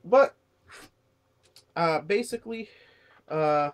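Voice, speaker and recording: A man's voice: fairly high pitch, animated, takes it slowly. A man who is sick and coughing, casually reviewing a manga chapter and rambling with many fillers. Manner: rambling, lots of "you know" and "uh". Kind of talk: casual chat.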